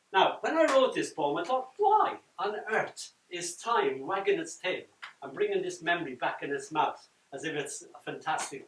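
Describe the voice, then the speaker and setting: An older man reading his poems at a launch, dramatic, swinging from loud lines down to near-whispers. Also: on the high side, slight background noise. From Ireland. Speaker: poet. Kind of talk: live poetry reading with chat. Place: event room at a book launch. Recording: roomy echo from far off.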